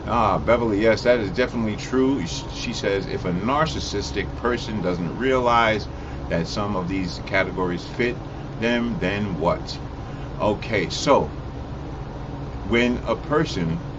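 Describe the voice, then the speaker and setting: A man hosting a call-in show, giving casual advice in a rambling, halting way full of "you know"s. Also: on the low side, dull audio, noisy background.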